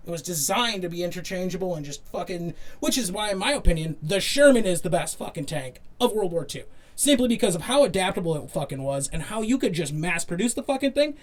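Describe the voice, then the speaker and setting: A man's voice: high voice, animated, fairly quick. A young man with a Wisconsin accent, co-hosting a casual podcast, rambling and swearing constantly as he jokes around. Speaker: podcast co-host. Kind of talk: casual profane banter.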